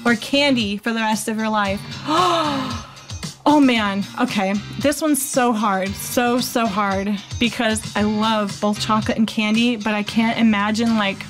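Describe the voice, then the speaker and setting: A fairly high-voiced woman chatting on a live stream, bubbly and rambling, full of ums and likes as she reads out viewer comments. Soft music plays faintly behind her. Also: unhurried. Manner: chatty and bubbly, thinks aloud with many fillers.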